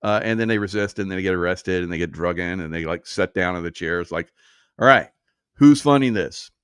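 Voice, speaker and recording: A man's voice: deep voice, level tone, quick pace, fairly bright tone, clear, resonant tone, dry recording, clean studio sound. A man hosting casual political commentary, sarcastic and mocking, chuckling often as he reads and reacts.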